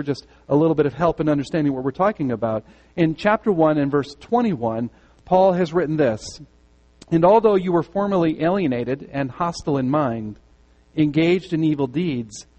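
A man's voice: on the high side, darkish tone, in a large hall, low-quality recording. A man preaching a sermon to his congregation, emphatic and repeating key words for weight. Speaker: pastor. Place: church sanctuary.

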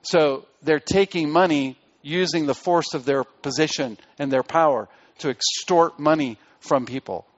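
A man preaching a sermon in an earnest way. He drops soft on key phrases and rises to press a point. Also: on the high side, a little slow, hardly any pauses, lo-fi sound. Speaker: pastor.

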